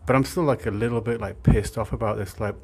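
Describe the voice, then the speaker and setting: A man's voice: lowish voice, fairly even intonation, fast talker, a little mellow. A young man telling a rambling, sweary story, with lots of filler words. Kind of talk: casual storytime monologue.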